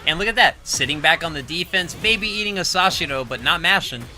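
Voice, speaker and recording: A man calls a fighting game match with a bright, ringing voice and lively swings in pitch. He sounds excitable and laughs often, with faint music playing underneath. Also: a little fast. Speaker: esports commentator. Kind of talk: fighting game tournament commentary.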